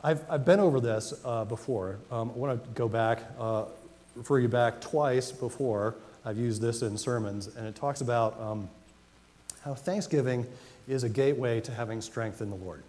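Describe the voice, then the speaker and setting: A man preaching a sermon as pastor, talking conversationally and reading scripture slowly with emphasis. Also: medium pitch, darkish tone. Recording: long reverb of a hall, faint noise.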